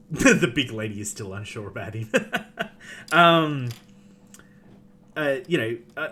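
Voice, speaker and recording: A man's voice: medium pitch, lively intonation, slow, bright, forceful tone. A man who plays tabletop games, chatting casually, rambling with lots of fillers and restarts and laughing often. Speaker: tabletop game player. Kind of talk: casual chat.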